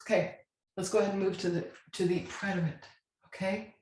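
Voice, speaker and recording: A woman's voice: mid-range voice, steady tone, fairly quick, darkish tone, slight background noise. Woman teacher in an echoey room. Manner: patient, checks in with "right?" and spells endings out. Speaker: Spanish teacher. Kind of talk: classroom lesson.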